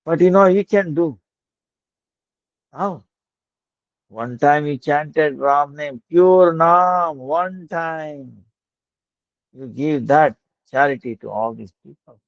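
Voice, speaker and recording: Male preacher, slow gravelly storytelling, chuckly, muffled dry audio. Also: a little high, dry recording. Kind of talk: devotional storytelling sermon. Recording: dull lo-fi dry recording.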